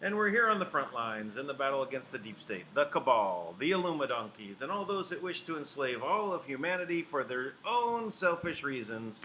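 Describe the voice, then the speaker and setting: A man's voice: medium pitch, very animated, fairly quick, hardly any pauses, bright, forceful tone, slight background noise, poor audio. Jokey man hosting a chat show. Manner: jokey, laughs at his own lines. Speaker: podcast host. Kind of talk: casual chat.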